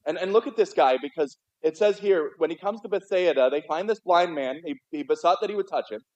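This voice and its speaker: Higher-voiced man preaching a casual sermon. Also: fairly quick, darkish tone. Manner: conversational preaching, stumbling repeats. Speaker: pastor. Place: church sanctuary. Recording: dull, muffled livestream audio.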